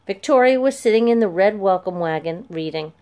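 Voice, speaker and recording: A woman narrating a children's chapter book aloud in a clear, steady storytelling voice. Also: mid-range voice, a little fast.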